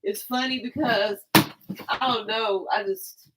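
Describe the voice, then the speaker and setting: A woman's voice: mid-range voice, fairly even intonation, takes it slowly, heavy background noise. A woman hosting a tarot live stream, telling a rambling, profane story and laughing often.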